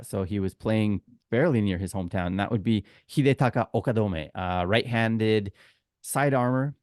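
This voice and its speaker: Canadian male podcast co-host, lowish voice, dry close sound, chatty and wisecracking. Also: normal speed, a little mellow, no room sound. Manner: chatty, joking, opinionated. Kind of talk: casual podcast chat.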